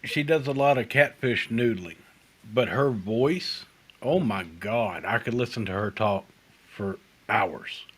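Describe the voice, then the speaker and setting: A man in a casual group chat, making drawn-out, emphatic remarks. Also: on the low side, slightly rough.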